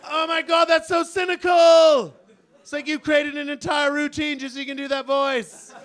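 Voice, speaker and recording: A man voicing a snooty young male elephant who whines and shouts in outrage. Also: very high voice, big pitch swings, normal speed, some chatter behind, voice pushed up. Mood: outraged. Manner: whiny, outraged, shouting complaints.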